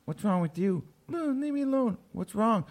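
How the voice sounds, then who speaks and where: A put-upon housewife whines and complains in a shrill, high voice, as a man puts her on during a comedy podcast. Her indignant pitch swings wildly as she grumbles. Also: animated, normal speed, darkish tone. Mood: whining. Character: whiny, indignant middle-aged housewife.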